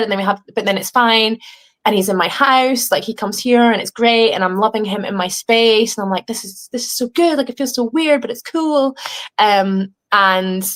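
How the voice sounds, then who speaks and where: A young woman with an English accent talks through her story from home in a casual interview. She is animated and swears freely. She voices other people's lines as she retells what happened. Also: a little high. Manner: animated, swearing, acting out quoted dialogue. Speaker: reality show contestant, guest.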